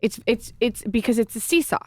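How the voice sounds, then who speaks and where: A woman's voice: a little high, a little fast, no room sound, clean studio sound. A woman co-hosting a podcast interview, enthusiastic and questioning. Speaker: podcast co-host. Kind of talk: casual interview.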